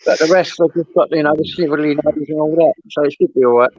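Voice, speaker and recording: A man's voice: on the high side, fairly even intonation, fast talker, darkish tone, dry recording. An older man chatting casually in an online voice call, talking plainly and bluntly. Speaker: caller in a voice chat. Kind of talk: casual chat. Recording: dull lo-fi online call audio.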